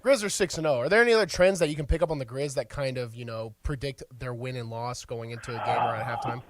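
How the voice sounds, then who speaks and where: A man co-hosting sports talk radio, asking a guest a quick, chatty question. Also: medium pitch. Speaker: radio co-host.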